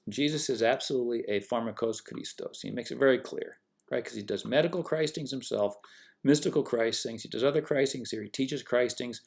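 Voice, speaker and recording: A man delivering a casual, unscripted monologue to camera, with a mocking, combative tone, sarcastic asides and frequent restarts and self-corrections. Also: mid-range voice. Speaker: online religion commentator. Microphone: webcam or desk mic, talking to camera.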